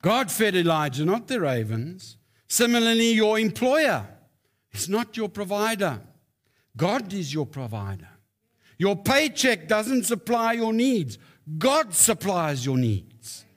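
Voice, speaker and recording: A man's voice: high voice, very animated, slow pace, a bit bright. A man preaching a sermon, telling stories with emphatic rises. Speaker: pastor.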